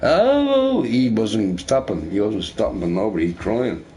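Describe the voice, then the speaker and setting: A man with a fairly low voice chats loosely while he plays a game. He rambles and repeats phrases, and he swears casually. He keeps checking in with "you know, right?". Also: moderate pace, mellow, slight background noise. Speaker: gamer recording gameplay. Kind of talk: casual storytelling over gameplay.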